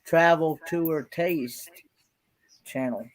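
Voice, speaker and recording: Speaking in a fairly high pitch, this live-stream host stumbles through his sentences, repeating words and starting over. He is earnest about explaining details in the casual chat.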